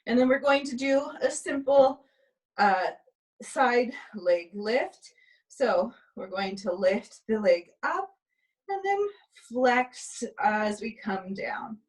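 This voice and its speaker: Slow-paced woman cueing a pilates class. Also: on the high side, distant mic, poor audio. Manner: calm step-by-step cueing with counts. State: tired, yawning. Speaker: pilates instructor. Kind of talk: guided exercise instruction. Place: indoor exercise space.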